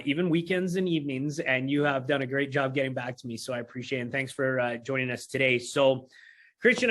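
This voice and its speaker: A man's voice: fairly high pitch, fairly bright tone. A man who is a realtor, co-hosting a podcast in a chatty, upbeat way. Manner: chatty, upbeat, hosts the guest. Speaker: realtor co-host. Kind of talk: casual podcast chat.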